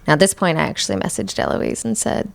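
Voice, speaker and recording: A young woman speaks in a gravelly voice, with plenty of vocal fry. She hosts a solo podcast and tells her story candidly, with a chatty, self-mocking tone. She is close on the mic in a dry, dead room. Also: sits low, very animated, quick pace, no echo. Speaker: podcast host.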